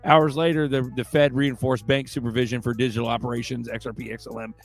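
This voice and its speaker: A man with a mid-pitched voice talks in a loose, excitable way. He swears freely and uses a lot of slang. Faint music plays behind him. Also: fast talker. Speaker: co-host. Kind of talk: casual chat.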